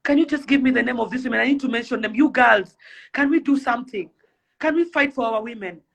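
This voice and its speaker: A woman's voice: a little high, fast talker, creaky, fairly bright tone. A young Kenyan woman delivering an impassioned rant to camera, pleading and fiery, firing off rhetorical questions. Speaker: celebrity influencer.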